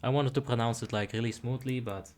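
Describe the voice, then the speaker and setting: A man's voice: mid-range voice, fairly even intonation, brisk, darkish tone, a little hiss or hum. A young man giving casual commentary while playing a game, chatty and self-deprecating, muttering asides to himself. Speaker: streamer.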